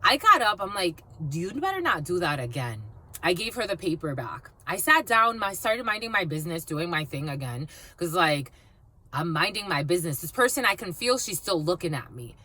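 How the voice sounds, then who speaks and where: Blunt, animated woman reader. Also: on the low side, a little fast. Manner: blunt and profane, calls viewers "my lovies". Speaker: psychic card reader. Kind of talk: casual storytelling to viewers.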